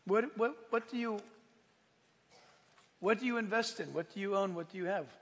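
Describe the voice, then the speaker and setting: A male pastor preaching a sermon, swinging between loud, emphatic declarations and quiet asides. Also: sits high, normal speed. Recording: long hall reverb.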